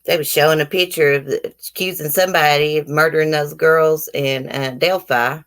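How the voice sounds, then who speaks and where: A woman from the American South, speaking with a Southern accent in a low-pitched, slightly bright voice, hosts a casual YouTube live stream. At normal speed and with fairly even intonation, she reads viewers' comments aloud and chats with them frankly and bluntly.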